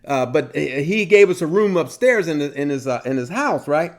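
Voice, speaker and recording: A middle-aged man co-hosting a casual talk show, an animated storyteller who laughs often. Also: a little high, moderate pace. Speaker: podcast co-host. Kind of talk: casual chat.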